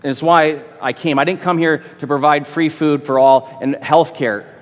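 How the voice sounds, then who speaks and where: A man's voice: fairly high pitch, fairly even intonation, normal speed, big-room sound. A man who is a pastor, preaching an expository sermon with emphatic repetition and rhetorical questions.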